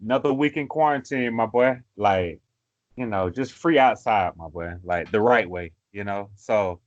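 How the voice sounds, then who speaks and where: A man's voice: lowish voice, normal speed, dry recording, dull audio. A man co-hosting a casual sports chat, laid-back and full of fillers. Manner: laid-back, filler-heavy, calls people bro. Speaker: sports podcast co-host.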